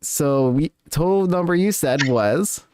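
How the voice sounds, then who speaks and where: A man narrating as game master, often pausing and correcting himself as he goes. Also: on the high side, lively intonation, a little mellow, a little hiss or hum. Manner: halting, self-correcting, apologetic.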